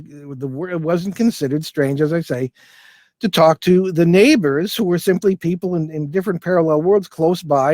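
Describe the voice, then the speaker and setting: A man's voice: on the high side, a little mellow, no room sound. An older man, a guest in an interview, telling a long anecdote in a loose, rambling way with many restarts and fillers. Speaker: guest, paranormal investigator. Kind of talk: casual storytelling interview.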